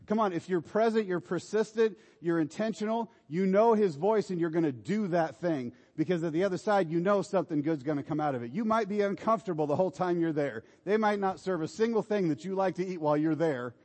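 A man's voice: high-pitched, brisk, few pauses, darkish tone, big-room sound. A man preaching a sermon in an informal, exhorting way, urging his listeners on. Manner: informal, exhorting, repeats "come on".

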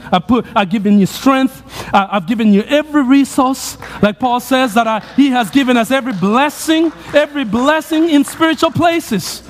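A man's voice: extremely high pitch, moderate pace, big-room sound. A male pastor preaching a sermon, repeating phrases with rising fervor.

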